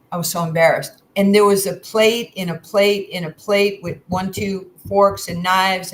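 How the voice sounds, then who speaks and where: A woman's voice: on the low side, slight background noise, rough recording. A woman in her sixties from New York, a guest telling candid stories in casual chat and acting out the dialogue. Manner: lively, candid storyteller acting out quoted dialogue. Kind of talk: casual storytelling.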